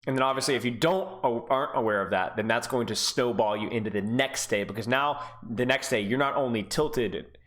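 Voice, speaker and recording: A man's voice: mid-range voice, fairly quick, hardly any pauses, a bit bright. A man coaching a player over a call, talking casually and encouragingly, laughing easily. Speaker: game coach.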